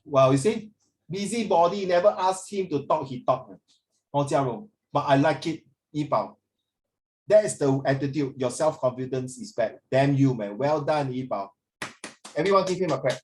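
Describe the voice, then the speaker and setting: A male teacher with a Singaporean English accent, leading a class in an animated way, switching between English and Mandarin and coaxing his students. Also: on the high side, slight background noise.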